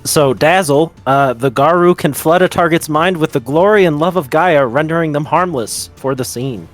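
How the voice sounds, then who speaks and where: A man's voice: fairly high pitch, normal speed, faint music behind. A man taking part as a player in a tabletop role-playing game, chatty and eager, laughing easily. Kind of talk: casual tabletop role-play.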